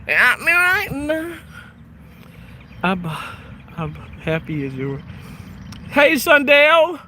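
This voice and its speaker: Vlogger, casual rambling, goofy sung riffs, outdoors in hot weather, slow, bright. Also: medium pitch, wildly swooping pitch, a little hiss or hum. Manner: goofy, sings and riffs loudly between chatter. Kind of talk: casual rambling vlog with sung parody snatches.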